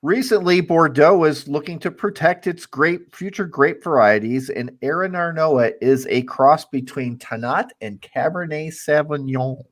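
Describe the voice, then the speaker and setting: A man hosting a casual podcast chat, giving facts in a relaxed, knowing way. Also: a little high, measured pace, hardly any pauses.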